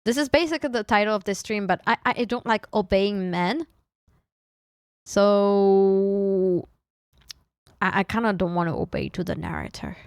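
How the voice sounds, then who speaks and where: A woman's voice: medium pitch, very animated, fast talker, few pauses, no echo, studio quality. A young woman, streaming in casual chat, playfully teasing her viewers and often restarting her sentences. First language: French. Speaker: VTuber streamer.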